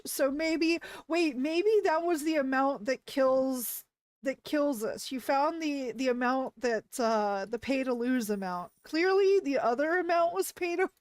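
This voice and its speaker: A woman's voice: high voice, dry recording, studio quality. A woman VTuber streamer chatting casually with viewers during a live stream, flustered and rambling, stumbling over her words and giggling often.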